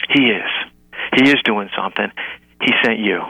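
A middle-aged man with a low, gravelly voice speaks as an interview guest. His tone is very bright and forward, and the sound is close and dry. He talks earnestly, stumbling over repeated words and rising to emphatic peaks. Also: moderate pace, no echo, low-quality recording. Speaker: guest, educator and author. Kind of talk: heartfelt podcast interview.

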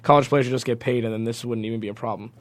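A man in the studio giving a measured opinion on college sports during a radio talk show. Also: mid-range voice, fairly even intonation, no room sound. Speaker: studio co-host.

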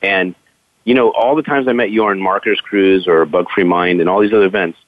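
Deep-voiced male radio host. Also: a little fast, no room sound. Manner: effusive praise of the guest. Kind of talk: radio interview. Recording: dry, phone-like line.

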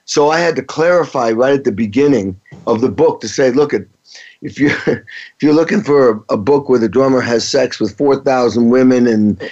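Brief: middle-aged male drummer guest, rambling anecdotal delivery, mid pitch, dull lo-fi audio. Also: moderate pace, darkish tone. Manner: rambling, anecdotal, frequent restarts. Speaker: touring rock drummer, guest. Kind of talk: casual interview storytelling. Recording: dull lo-fi sound.

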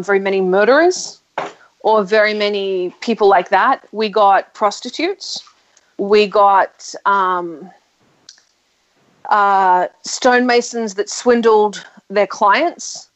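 A woman's voice: medium pitch, takes it slowly. An Australian woman in casual chat, opinionated and talkative, laughing often. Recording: dull lo-fi sound.

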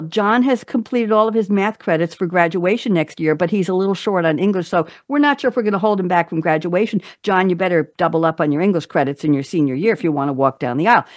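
A woman hosting a talk show, chatting playfully with guests and making quick asides. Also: on the low side, darkish tone, dry recording, clean studio sound. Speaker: podcast host. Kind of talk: casual interview talk show.

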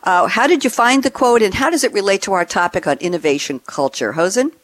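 A woman hosting a panel talk show, introducing guests with energetic, emphatic delivery. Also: a little fast, no echo. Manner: energetic, emphatic delivery with wide pitch swings. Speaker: host.

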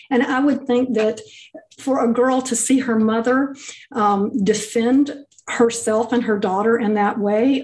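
Affirming woman interviewer, slightly high voice. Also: a little mellow, poor audio. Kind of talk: conversational interview.

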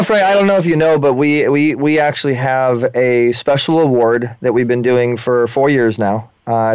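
A man's voice: mid-range voice, darkish tone, clear, resonant tone, dry recording. A man hosting a radio interview, talking eagerly and often repeating his words. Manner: eager, repeats himself, talkative. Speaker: host. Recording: dull dry lo-fi sound.

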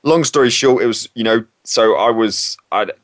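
A man's voice: mid-range voice, moderate pace, dry recording, studio quality. A man, a former PE teacher, talks candidly and hesitantly in a casual interview. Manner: candid, hesitant, self-correcting.

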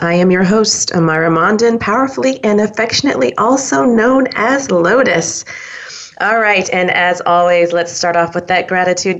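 A woman's voice: fairly low pitch, gravelly. A woman hosting a self-help talk show, speaking upbeat and straight to her listeners in a coaching manner. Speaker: host.

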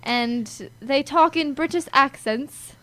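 A woman's voice: sits high, takes it slowly, sharp tone. A young girl co-hosting a kids' radio show, chatting casually, giggling and backing up her co-host.

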